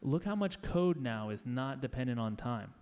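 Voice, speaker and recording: A man's voice: mid-range voice, lively intonation, normal speed, a little mellow, clear, resonant tone. A man giving a casual, playful talk to a live audience, chatty and acting out little scenes in voices. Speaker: conference speaker.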